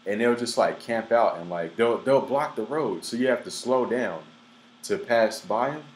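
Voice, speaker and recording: A young man telling stories in a loose, profane, filler-heavy way, breaking into animated outbursts. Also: medium pitch, normal speed, a little hiss or hum, poor audio. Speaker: vlogger. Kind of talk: casual storytelling monologue.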